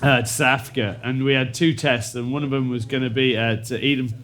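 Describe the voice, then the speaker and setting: A man's voice: mid-range voice, steady tone, fairly quick, fairly bright tone. A man in his forties, a former rugby player on a panel, telling anecdotes in casual chat and laughing often. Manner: storytelling, laughing often, imitating teammates.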